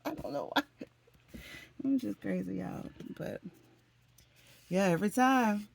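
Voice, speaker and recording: A middle-aged Florida woman vlogs to camera in a casual, emotional, chatty way, calling her viewers "honey" and "y'all." Her voice sits in the mid range, expressive and unhurried, with some vocal fry.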